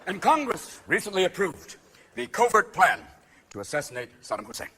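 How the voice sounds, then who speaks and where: A man performing a stand-up comedy routine on a theater stage, manic and shouting his punchlines as he jumps between voices. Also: sits high, big pitch swings, a little fast, background noise. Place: theater stage before a live audience. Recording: live show with loud crowd laughter.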